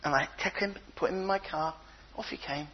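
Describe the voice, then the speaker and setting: Older man preaching, high husky voice, animated storytelling, slightly dull recording. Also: fairly quick, slight background noise. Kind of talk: sermon.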